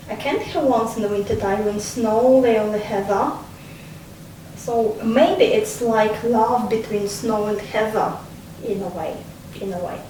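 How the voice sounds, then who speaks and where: A woman's voice: medium pitch, darkish tone. A woman leading a casual discussion of a poem, thoughtful and prompting with questions. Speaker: discussion leader. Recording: echoey room, distant mic, faint noise.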